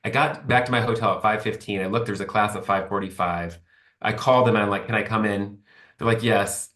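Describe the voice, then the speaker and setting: A man on a podcast tells his story in a loose, candid, rambling way, acting out bits of what people said. His voice sits on the low side, and the room gives it a noticeable echo. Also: steady tone, a little fast, a bit bright. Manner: rambling and candid, acts out quoted speech. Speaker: podcast guest. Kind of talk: casual conversation.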